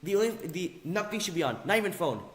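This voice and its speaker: Young male ranter, higher voice, mocking and insulting, mutters then yells, echoey room. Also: sing-song, fast talker. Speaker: video ranter. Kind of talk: angry rant video.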